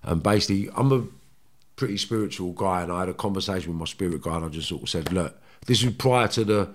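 A low-voiced middle-aged man tells his story in a blunt, slangy way. He swears freely and acts out the back-and-forth as he goes. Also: quick pace, a little hiss or hum. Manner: blunt, heavy swearing, slangy, animated retelling. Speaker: guest telling his life story. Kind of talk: casual storytelling.

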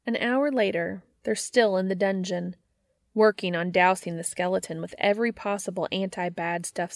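Wry woman narrator, low gravelly voice. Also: no echo. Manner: wry, dry comic delivery. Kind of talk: fan fiction reading.

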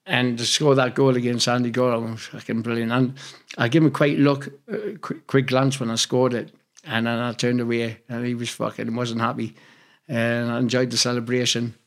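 This former footballer from Newcastle speaks with a Geordie accent in a medium pitch, flat delivery and normal speed. In a casual interview he's blunt, swears freely and rambles through his stories.

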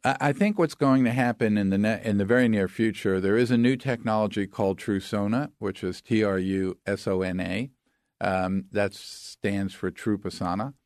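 A man's voice: on the low side, steady tone, moderate pace, darkish tone, no echo, studio quality. A man speaking as an expert guest, explaining things with step-by-step examples in an authoritative way. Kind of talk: explanatory interview talk.

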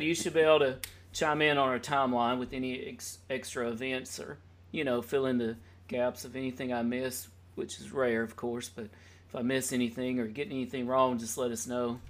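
Man hosting a podcast, casual chat, rambling, teasing jokes. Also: mid-range voice. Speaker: podcast host.

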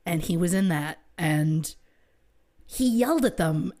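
Woman podcast co-host, kinda low voice, chatty and rambly, talks in quick bursts. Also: lively intonation, dark tone. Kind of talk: casual chat.

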